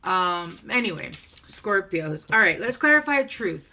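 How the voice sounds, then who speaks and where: A woman's voice: mid-range voice, very animated, unhurried, sharp tone, a little hiss or hum. A woman giving a casual, rambling tarot reading, chatty and full of fillers. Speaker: tarot reader.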